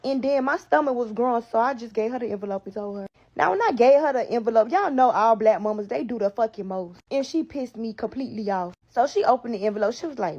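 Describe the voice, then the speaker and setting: A woman in her twenties with a South Florida accent, telling a personal story in an animated, profane and slangy way as a podcast guest. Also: on the high side, a little fast, hardly any pauses, muffled recording. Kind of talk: casual storytelling.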